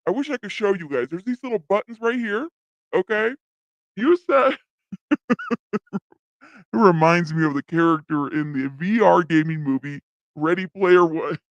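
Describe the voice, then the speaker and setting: A woman's voice: fairly low pitch, expressive, measured pace, long pauses, dry recording, lo-fi sound, pitched below the performer's own voice. A woman livestream host using a voice changer to sound like a male AI, playfully asking her chat how she sounds.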